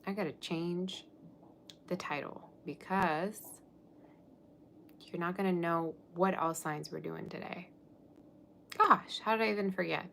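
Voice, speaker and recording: Woman doing a live tarot stream, low voice, rambly and chatty, faint hum behind. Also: unhurried, vocal fry, long pauses, fairly bright tone. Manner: chatty, scattered, self-interrupting. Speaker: tarot reader. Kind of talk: casual live-stream chat.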